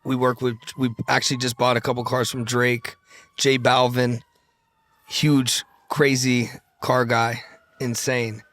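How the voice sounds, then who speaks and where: A man's voice: mid-range voice, level tone, a little slow, fairly bright tone. A man guesting on a podcast, telling stories in a loose, profane, casual way and acting out the conversations he recounts. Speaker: podcast guest, luxury car dealer. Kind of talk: casual storytelling chat.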